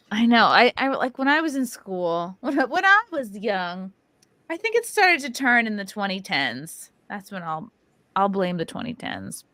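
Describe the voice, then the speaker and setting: A woman in her thirties hosts a podcast, reading viewer comments aloud and telling stories in a playful, laughing, animated way during casual chat. Her mid-range voice is unhurried, with no echo.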